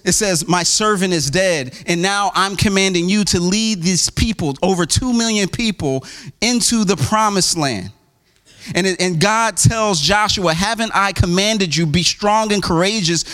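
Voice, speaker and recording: Pastor, male, high-pitched, casual and conversational sermon delivery with restarts, breaks into animated impressions of quoted speakers. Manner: conversational preaching with many restarts and asides; acts out quoted voices with big pitch jumps.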